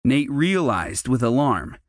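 A man narrating a children's fantasy audiobook in a measured, storytelling manner. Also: mid-range voice, sing-song, no room sound. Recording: dry close studio mic.

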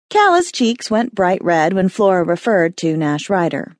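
A woman narrating an audiobook in an expressive storytelling manner. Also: fairly low pitch, measured pace, few pauses, no echo, studio quality. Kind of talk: scripted narration.

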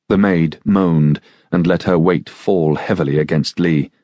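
A man narrating an audiobook in a measured, steady storytelling manner. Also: sits low, no room sound, clean studio sound. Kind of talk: scripted narration.

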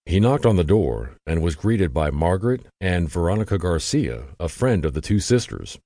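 A man reading a true-crime audiobook in steady, expressive scripted narration on a close studio mic. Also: deep voice, moderate pace, no echo.

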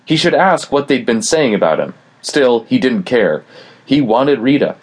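A man giving steady scripted audiobook narration, reading a novel and voicing its dialogue quietly. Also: mid-range voice, moderate pace, slightly rough, no echo.

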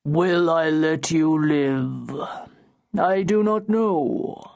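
A woman narrating an audiobook, voicing a mysterious, powerful male spirit who speaks slowly and quietly with a cold, cryptic menace. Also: low voice, expressive, gravelly, exaggerated voice. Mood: ominous. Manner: slow, quiet, drawn-out menace.

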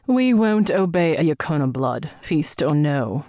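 A woman's voice: deep voice, very animated, measured pace, dark tone, dry recording. A smug, lecherous immortal man, dismissive and sure of himself, as a woman narrator plays him. The recording is close and dry.

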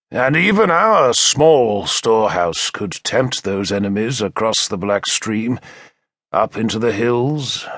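A man narrating an audiobook in the first person, with measured, expressive storytelling into a close studio mic. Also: on the low side, dry recording.

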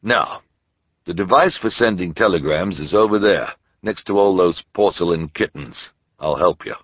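Guy doing a friendly scruffy shopkeeper in a storybook, low-ish husky voice, dry muffled sound. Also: moderate pace, dry recording. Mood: chatty. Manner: chatty, opinionated.

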